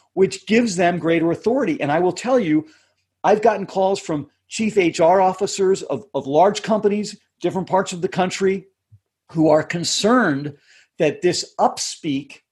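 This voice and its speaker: A middle-aged man with a husky, slightly breathy voice that sits high for a man. He speaks as a coach being interviewed, measured and explanatory, circling back to restart his phrases as he goes. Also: lively intonation, darkish tone. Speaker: communications coach and podcast guest. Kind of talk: conversational interview answers.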